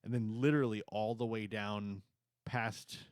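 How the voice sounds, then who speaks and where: A man's voice: lowish voice, fairly even intonation, unhurried, a little mellow, smooth, no echo, clean studio sound. A young adult man co-hosting a casual review chat, enthusiastic and rambling, sometimes stumbling over his words. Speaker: co-host reviewing theme park events.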